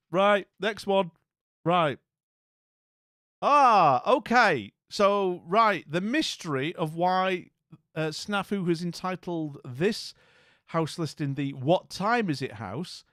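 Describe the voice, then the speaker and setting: A man's voice: high-pitched, sing-song, takes it slowly, fairly bright tone, no echo, studio quality. A man hosting a casual live chat, wry and rambling, often trailing off into mutters. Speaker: livestream host. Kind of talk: casual live chat reacting to house listings.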